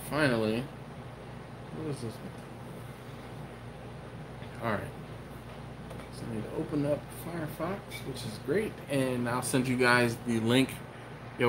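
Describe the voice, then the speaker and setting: A man's voice: medium pitch, noisy background. A man hosting a casual live stream from his home kitchen, reading viewer comments aloud and riffing on them. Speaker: host.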